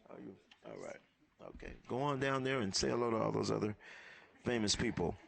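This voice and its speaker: A man's voice: lowish voice, lively intonation, fairly quick, gravelly, a bit bright. A man emceeing a live event, thanking sponsors and calling guests up one by one in an upbeat way.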